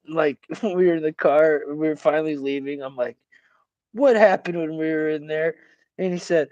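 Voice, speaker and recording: A man's voice: on the high side, animated, normal speed, darkish tone, no echo. Laid-back swearing young-sounding man. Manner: laid-back, swears freely, laughs a lot. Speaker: host. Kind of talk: casual chat.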